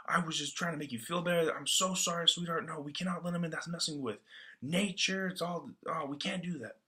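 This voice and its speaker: Man playing a panicked father, pleading, raised pitch, forceful bright tone. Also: a little fast.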